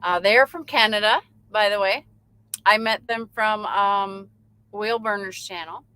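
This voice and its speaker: Bright-voiced chatty woman trucker host. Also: mid-range voice, a little slow, clear, resonant tone, dry recording, poor audio. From Michigan. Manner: chatty, reads viewer comments aloud and laughs often. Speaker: livestream host. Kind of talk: casual chat reading live comments. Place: in her truck.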